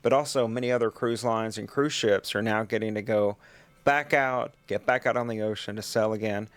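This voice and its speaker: A man, vlogging his cruise. He talks casually and gushes with breathless excitement, and sometimes he runs out of breath while walking. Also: fairly low pitch, moderate pace. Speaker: travel vlogger. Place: outdoors on a pier, then a cruise ship.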